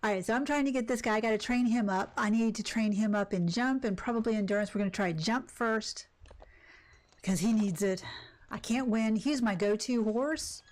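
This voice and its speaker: A woman live-streaming a cozy game, chatting casually and rambling with quick asides about her day. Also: on the high side, darkish tone. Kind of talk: casual live-stream chat while gaming.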